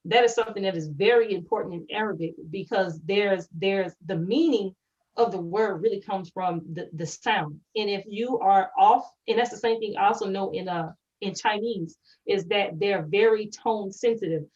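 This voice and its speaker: A woman's voice: mid-range voice, a little mellow. Woman, distant and muffled. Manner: explains step by step with examples, repeats words as she thinks. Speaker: co-host. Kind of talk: educational podcast discussion.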